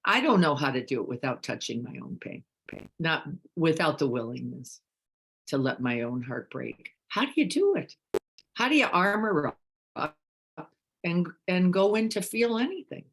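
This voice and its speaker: Gentle, questioning woman meditation teacher. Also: sits low, sing-song, moderate pace, husky. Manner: questioning and gentle, swings from hushed to emphatic. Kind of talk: reflective dharma talk, reading participant comments.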